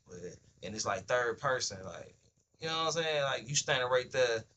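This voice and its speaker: A man with a lowish, sharp voice hosts a livestream, talking bluntly in casual street slang and profanity as he acts out both sides of everyday conversations. His casual on-stream monologue has slight background noise.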